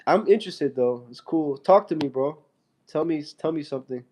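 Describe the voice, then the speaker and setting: A man's voice: on the high side, expressive, moderate pace, darkish tone. Playful man chatting on a live stream. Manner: loose and playful, calls viewers "bro". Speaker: fitness streamer. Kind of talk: casual live-stream chat, reading viewer comments. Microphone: phone.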